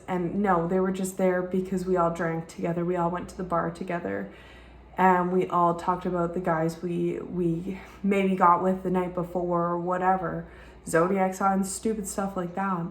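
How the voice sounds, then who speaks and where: A woman's voice: lowish voice, roomy sound. A young woman with a Southern American accent, talking candidly in a rambling, frank vlog style and swearing freely. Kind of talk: candid personal vlog talk. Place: rented home room with white walls.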